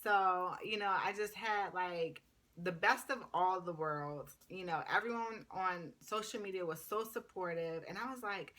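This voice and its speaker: A woman's voice: lowish voice, measured pace. A woman in her thirties, a paramedic student, telling a story in a casual, chatty vlog. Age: 30s. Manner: chatty, animated retelling full of "like".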